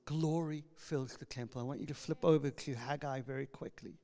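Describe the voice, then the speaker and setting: A male pastor delivering an impassioned sermon, building to loud proclamations as he reads scripture aloud. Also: medium pitch, fairly quick, vocal fry, few pauses. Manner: impassioned preaching, rising to loud proclamations when reading scripture. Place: church hall. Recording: long reverb of a church hall.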